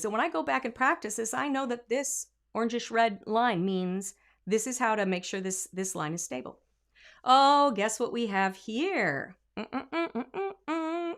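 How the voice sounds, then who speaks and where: A woman vocal coach giving a singing lesson, breaking into sung example lines and dropping to quiet asides. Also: a little high. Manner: demonstrative, sings example lines; drops to asides and quiet comments.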